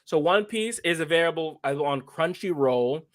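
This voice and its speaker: A young man co-hosting a livestream, chatting in an animated, excitable way with lots of restarts. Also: fairly high pitch, moderate pace. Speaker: livestream co-host. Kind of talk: casual chat.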